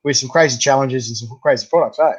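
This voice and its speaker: A man's voice: mid-range voice, fast, husky, lo-fi sound. A man with an Australian accent hosting a casual video interview, full of slangy banter and laughs. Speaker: host.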